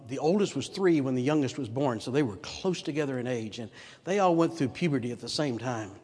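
An older man preaching a sermon, earnest and full of rhetorical questions to his listeners. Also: mid-range voice. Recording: long hall reverb.

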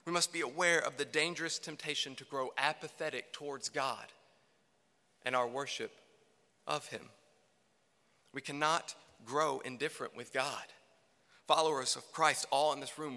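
A man preaching a sermon to a congregation, emphatic, swinging between loud declarations and hushed lines. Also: on the high side. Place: church hall. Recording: reverberant hall.

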